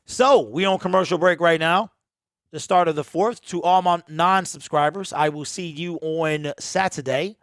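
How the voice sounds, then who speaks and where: A man's voice: a little high, normal speed, fairly bright tone, smooth, no echo, clean studio sound. Chatty man hosting a game watch party. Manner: laid-back, chatty, answers viewers' comments. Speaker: live-stream watch party host. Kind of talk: casual live commentary over a game.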